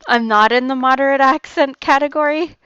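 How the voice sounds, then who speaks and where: A woman's voice: high-pitched, fairly quick, a bit bright, no room sound, muffled recording. A young woman, chatting casually while gaming and laughing often. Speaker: gaming streamer.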